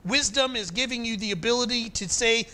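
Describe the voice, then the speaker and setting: A male pastor preaching a sermon in an animated way, climbing to emphatic peaks and then dropping soft. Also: very high voice, a little fast.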